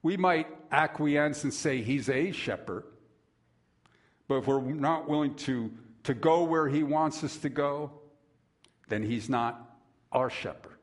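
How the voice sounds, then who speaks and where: A male pastor delivering a sermon at an unhurried, deliberate pace. He leans on long pauses and lets his stories build with lively, dramatic turns. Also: a little high. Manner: slow, measured preaching with dramatic pauses and lively storytelling.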